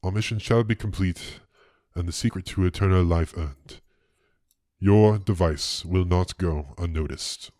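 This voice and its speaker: A man's voice: low-pitched, a little slow, mellow, no echo, clean studio sound. A man putting on a menacing cult lord. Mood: ominous. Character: scheming cult leader lord, calm and menacing.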